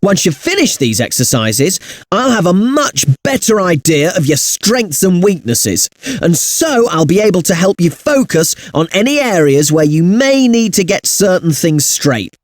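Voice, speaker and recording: A man playing a friendly punctuation tutor, presenting educational software in an upbeat, chatty way, talking straight to the user. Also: high voice, big pitch swings, a little slow, no room sound.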